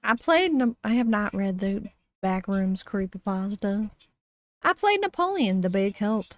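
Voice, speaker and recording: A woman's voice: medium pitch, big pitch swings, unhurried, no room sound. A woman streamer casually reading a horror story aloud, giggly, with frequent laughs and dry asides.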